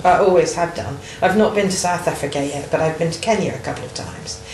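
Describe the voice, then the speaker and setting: A woman's voice: sits low, fast, a little mellow, echoey room, a little hiss or hum, poor audio. A woman interviewer, earnestly and reflectively recounting her own experiences in casual chat.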